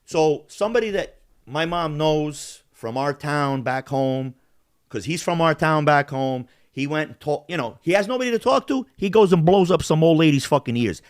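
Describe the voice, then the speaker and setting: A podcast host with a slightly high voice and a moderate pace tells a story in casual, profane conversation. He's animated and acts out the quotes of the people involved.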